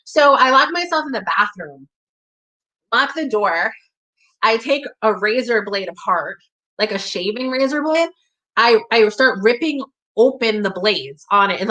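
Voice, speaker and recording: Young woman, storyteller, bright forceful tone, emphatic and profane, slightly high voice. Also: low-quality recording. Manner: emphatic, profane, reenacts her own shouting. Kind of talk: live personal storytelling. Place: community hall.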